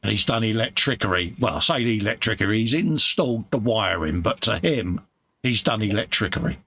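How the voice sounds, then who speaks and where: A man's voice: on the low side, expressive, brisk, bright, forceful tone, slight background noise. A man hosting a casual live chat, bantering matily and reading out viewer comments. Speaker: live-stream host.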